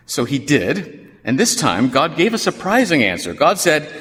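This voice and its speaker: A man preaching a sermon in a church, telling a story with wry, animated asides. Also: medium pitch, normal speed. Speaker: pastor. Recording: long reverb of a church hall.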